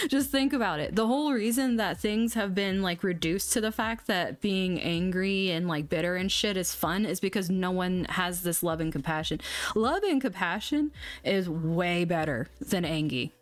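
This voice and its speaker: A woman's voice: lowish voice, unhurried, no echo. A young woman hosting an astrology livestream, chatting bluntly and casually, swearing now and then. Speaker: astrology channel host.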